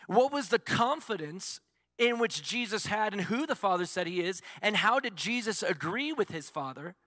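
A man's voice: sits high, expressive, normal speed, sharp tone, no echo, clean studio sound, long reverb tail. A male pastor preaching a sermon, asking the congregation questions and answering them himself.

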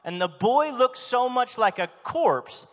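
High-voiced man preaching in a reverberant hall. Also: expressive, unhurried. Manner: emphatic, asks the congregation questions. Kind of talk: sermon.

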